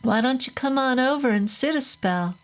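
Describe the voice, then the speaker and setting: A woman's voice: sits high, moderate pace, voice pushed up, close to an everyday voice. Woman doing a spooky drawling southern man. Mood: coaxing. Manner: quiet, drawling, half-whispered. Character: quiet spooky southern man, soft-spoken, unsettling.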